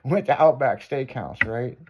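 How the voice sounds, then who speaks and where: A man's voice: medium pitch, unhurried, dull audio, noisy background. A man hosting a radio show, spinning a raunchy tale in loose, profane chat. He curses constantly and breaks into laughter as he talks. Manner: profane, laughing through his story. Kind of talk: crude casual storytelling. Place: radio studio.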